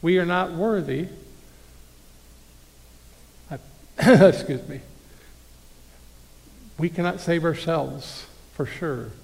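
A man's voice: fairly high pitch, takes it slowly, vocal fry, pauses often, a little mellow. A man preaching a conversational sermon, reading scripture aloud and talking directly to his listeners. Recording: long hall reverb.

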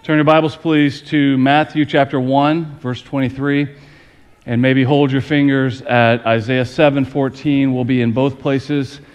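A middle-aged pastor delivers a playful Christmas sermon, speaking directly to his congregation in a church sanctuary. His mid-range voice is smooth, unhurried and fairly even in pitch, heard through lo-fi sound. Long hall reverb and audience noise fill the recording.

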